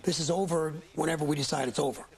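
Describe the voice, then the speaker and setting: A man's voice: fairly high pitch, fairly even intonation, fast. A man working as a military analyst, giving live news commentary in an emphatic, admiring way, with many restarts.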